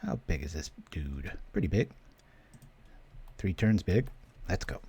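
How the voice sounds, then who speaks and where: A man's voice: sits low, expressive, measured pace, mellow, breathy edge. A man hosting a card-game stream, giving casual live commentary as he plays and thinking aloud in a playful, chatty way.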